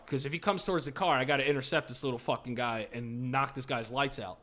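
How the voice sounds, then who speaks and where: A mid-range male voice speaks fast with barely a pause, belonging to a podcast co-host from Florida. In casual chat he tells a story full of swearing, animatedly acting out its characters.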